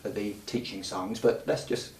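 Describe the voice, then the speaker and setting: A middle-aged man giving a patient, clear, step-by-step explanation as a music teacher trainer. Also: lowish voice, normal speed, darkish tone. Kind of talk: instructional explanation. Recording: roomy sound from a distant mic.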